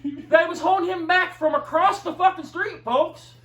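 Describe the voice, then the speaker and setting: A man with a high voice tells a heated, profane story in casual chat. He sits some way back from the mic. The room echoes around him. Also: moderate pace, bright, forceful tone, recorded from a distance. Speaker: video commentator.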